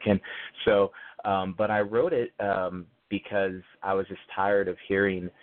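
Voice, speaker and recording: Deep-voiced man, earnest, over a phone. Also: steady tone. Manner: earnest and measured, with frequent fillers. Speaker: author and guest. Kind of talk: faith-based interview. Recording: tinny phone line.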